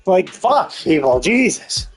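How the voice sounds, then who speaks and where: A man on a live stream vents about a game's story in a fed-up, cursing rant. His voice sits fairly high, and quiet game music plays underneath. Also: sing-song, slow, vocal fry. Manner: profane, exasperated ranting. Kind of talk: live gameplay commentary.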